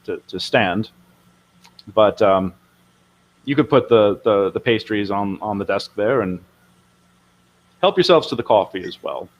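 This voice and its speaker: A man voicing a formal, polite middle-aged guard captain with measured speech, over dull lo-fi audio. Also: lowish voice, animated, pitched below the performer's own voice. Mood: apologetic.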